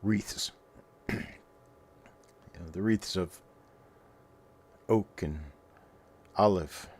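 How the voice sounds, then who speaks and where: A middle-aged man with a low, somewhat mellow voice hosts a coin roll hunting livestream, speaking extremely slowly. He chats casually with his viewers and rambles in a folksy way.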